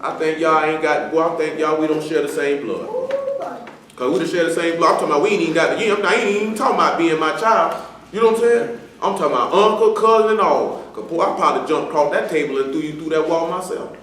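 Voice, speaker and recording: In a church assembly room, a man preaches and scolds a young man before the congregation in a stern, slangy, conversational manner. His voice sits on the high side, fairly bright, and he talks fast. He's recorded far from the mic in an echoey hall with faint background noise.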